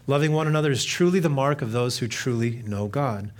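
Animated man preaching a sermon. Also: medium pitch, a little fast, few pauses. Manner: earnest, swings from animated emphasis to quiet reflection; conversational, with many fillers and restarts. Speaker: pastor.

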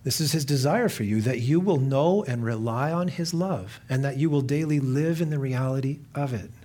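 A pastor preaching a sermon in a conversational way, rising to earnest emphasis and dropping to quiet reflection. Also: male voice, medium pitch, normal speed. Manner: conversational, with many fillers and restarts.

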